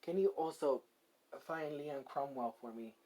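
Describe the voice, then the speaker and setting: A man voicing a gentle, soft-spoken young woman. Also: fairly high pitch, poor audio. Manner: halting, with filler words and restarts.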